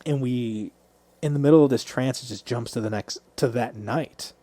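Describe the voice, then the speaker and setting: A man's voice: medium pitch, moderate pace, warm tone, no echo. A man co-hosting a podcast, recapping a movie scene by scene in a loose, profane, storytelling way. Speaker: podcast co-host.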